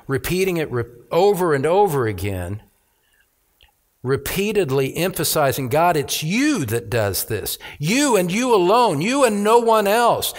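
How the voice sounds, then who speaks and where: A middle-aged man preaching a sermon, reading scripture aloud and stressing key words with rising emphasis as a pastor. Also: medium pitch. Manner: reads scripture aloud, slowing on phrases.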